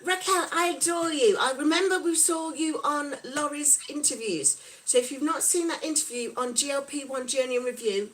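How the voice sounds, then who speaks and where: A woman's voice: sits high, normal speed, few pauses, a little hiss or hum, low-quality recording. Chatty British woman livestreaming. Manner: chatty, reads out viewer comments and replies warmly. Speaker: livestream host. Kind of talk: casual livestream chat.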